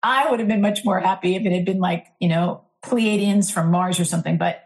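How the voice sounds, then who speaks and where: A middle-aged woman, an interfaith minister, telling a candid personal story in an earnest, animated way, full of fillers. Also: lowish voice, fairly quick.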